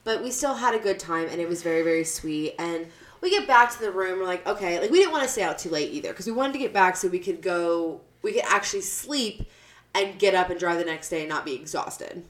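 A woman hosting a podcast, telling a story in a blunt, profane, animated way. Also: lowish voice, a little fast. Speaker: podcast host. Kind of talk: casual storytelling chat.

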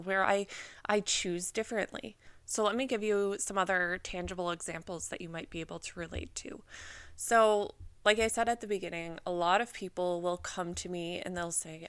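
A woman's voice: medium pitch, fairly bright tone, dry recording. A young woman hosting a podcast, giving casual advice in a chatty way full of "like" and acted-out worried thoughts. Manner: chatty, uses many "like"s, acts out anxious inner thoughts. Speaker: podcast host and business mentor.

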